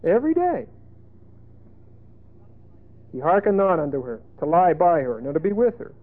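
A male preacher giving a folksy sermon, emphatic, with sudden loud bursts and asides. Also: on the high side, expressive, fast talker. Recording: tinny phone-like lo-fi sermon tape.

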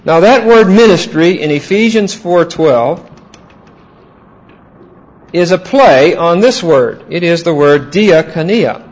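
A man teaching a Bible class, asking his students questions and repeating key points slowly. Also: on the high side, expressive, low-quality recording.

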